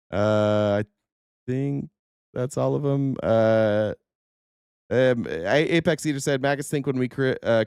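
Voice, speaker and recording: A man's voice: medium pitch, darkish tone, clean tone, dry recording, studio quality. A man hosting a casual political livestream, talking in a sarcastic, profane way and reading viewer comments aloud, his voice a little worn. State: voice a bit worn. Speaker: livestream host.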